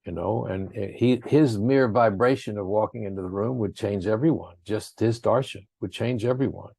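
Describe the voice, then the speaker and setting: Gravelly husky man giving an earnest spiritual talk. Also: lowish voice, normal speed, darkish tone, dry recording. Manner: earnest, rambling, acts out quotes in raised voices. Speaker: speaker in a spiritual talk series.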